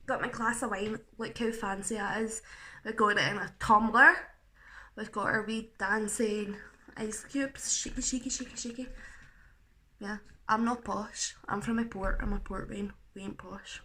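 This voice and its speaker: A woman's voice: medium pitch, flat delivery, measured pace, sharp tone, a little hiss or hum. A young woman chatting casually through a makeup tutorial, self-mocking and chatty, with the odd swear. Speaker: makeup vlogger.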